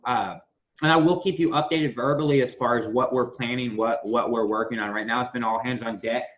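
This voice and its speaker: A man's voice: medium pitch, a little fast, lo-fi sound. Profane, rambling man telling stories on a call. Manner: profane, rambling, animated storytelling. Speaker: host of a members' business call. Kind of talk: casual business call, storytelling.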